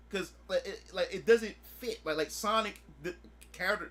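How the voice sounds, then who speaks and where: A man streaming a casual chat, excitable and swearing freely, acting out his own past reactions. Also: on the high side. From United States.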